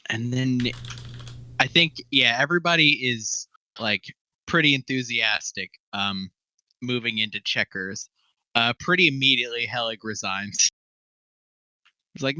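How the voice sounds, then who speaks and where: A young man runs a tabletop game, his voice strikingly bright and close on a dry mic. He laughs between lines and swears freely as he narrates. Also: medium pitch, unhurried, long pauses, no room sound. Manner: laughing often, loose and profane. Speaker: game master.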